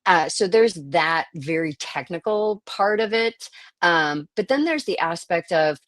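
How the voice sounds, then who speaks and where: Low-pitched woman voice actor, interview chat, dry close sound, lots of ums. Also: animated, unhurried, a bit bright, dry recording. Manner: thoughtful, searching, many fillers and restarts. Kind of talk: interview conversation.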